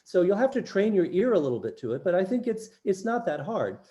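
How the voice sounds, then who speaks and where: Man, older, East Coast accent, mellow tone, workshop presenter, video call. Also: high voice, very animated, fairly quick, highs cut off. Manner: explanatory, checks in with "right?". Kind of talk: teaching international students.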